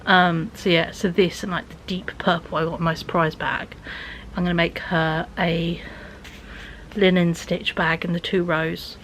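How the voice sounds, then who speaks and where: A woman's voice: fairly low pitch, little pitch movement, unhurried, a bit bright, slight background noise, low-quality recording. A young woman vlogging in a rambling, casual chat, often dropping to a near-whisper.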